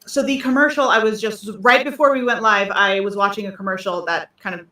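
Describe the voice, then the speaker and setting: A woman's voice: medium pitch, steady tone, brisk, sharp tone, distant mic. A woman co-hosting a casual podcast chat, rambling with many ums and restarts. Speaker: podcast co-host. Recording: roomy sound, voice off-mic.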